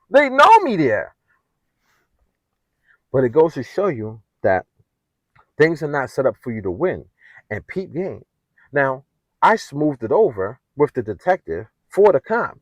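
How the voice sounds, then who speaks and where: A man's voice: fairly high pitch, no echo, rough recording. An American man vlogging, telling a story in a casual rant, often repeating himself and asking "you know what I'm saying".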